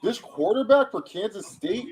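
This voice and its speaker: A young man co-hosting a casual sports watch-along, loud and swearing as he heckles the players. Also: sits high, animated, normal speed, slightly rough. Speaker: co-host.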